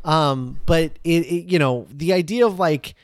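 A man's voice: a little high, unhurried, no echo. A man talking casually through a film scene, rambling with many fillers and restarts. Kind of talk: casual movie commentary chat.

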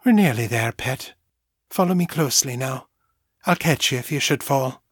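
A man voicing a loving mother who speaks in a soft, lilting, soothing way, a little higher than his own voice. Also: animated, normal speed, husky, no echo, studio quality. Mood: tender. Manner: tender, soothing. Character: gentle loving mother, warm and comforting.

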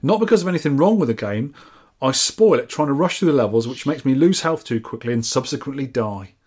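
A man co-hosts a casual podcast. His pitch sits in an ordinary middle range. He reads out listener scores with a playful, teasing manner. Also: animated, brisk, darkish tone, husky. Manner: jokey, banter-filled. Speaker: podcast co-host.

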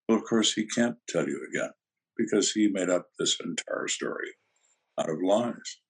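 A gravelly-toned older man with a deep, husky voice tells cop stories in an interview. His delivery is dry and deadpan, and he acts out both sides of the conversations. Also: moderate pace. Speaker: retired detective guest. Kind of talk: storytelling interview answers.

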